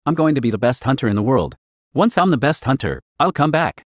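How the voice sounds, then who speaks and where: An eager, cheerful young boy in a read fan fiction story, as a man puts him on in a low voice. The lines are lively in pitch and the sound is dry and close. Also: brisk, dry recording, lightly acted.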